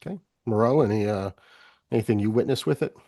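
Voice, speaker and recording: A man narrating as game master, halting and full of fillers and restarts. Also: fairly low pitch, mellow, no echo, clean studio sound.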